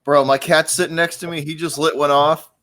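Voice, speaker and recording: A man on a casual live stream, easygoing and quick to laugh. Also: a little high, level tone, fairly bright tone.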